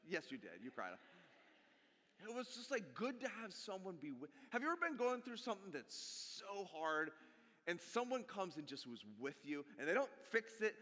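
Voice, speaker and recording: A man in his forties preaches to his congregation in a bright, high voice that swings widely up and down. He is animated and jokey and speaks straight to the people in front of him, and his words ring out with a long reverb from a church hall. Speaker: pastor. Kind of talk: sermon. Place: church sanctuary.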